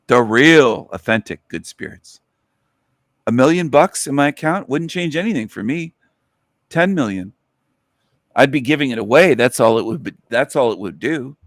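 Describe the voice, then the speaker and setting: A man's voice: mid-range voice, expressive, normal speed. A male podcast host delivering a mocking, sarcastic rant in a mid-range voice. He hammers his points by repeating phrases. The sound is dry and close, with no room echo. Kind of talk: solo podcast commentary.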